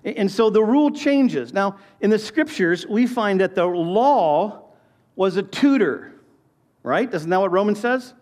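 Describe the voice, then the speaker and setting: High-voiced preacher in his fifties. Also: expressive, a little slow, a little mellow. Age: 50s. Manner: conversational preaching with personal stories and questions to the congregation. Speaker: pastor. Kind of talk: sermon.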